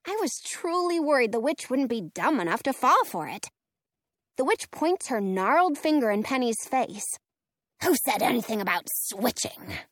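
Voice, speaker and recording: A woman narrating a children's storybook in first person, expressive with playful asides. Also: high voice, moderate pace, no room sound, clean studio sound. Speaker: audiobook reader.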